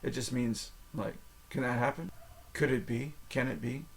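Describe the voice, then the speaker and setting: An American man in an easygoing lesson podcast, saying each phrase twice and slowly. He mocks himself and breaks into laughs as he goes. His pitch sits right in the middle for a man. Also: vocal fry, a little hiss or hum. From United States. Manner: self-mocking, laughs often, repeats phrases slowly. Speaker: podcast host. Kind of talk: casual language lesson.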